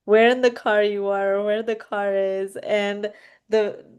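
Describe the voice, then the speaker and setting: A woman's voice: mid-range voice, level tone, a little slow, a little mellow, clean tone. A woman leading a comics workshop, giving effusive praise over a video call. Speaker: workshop leader. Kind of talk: casual feedback.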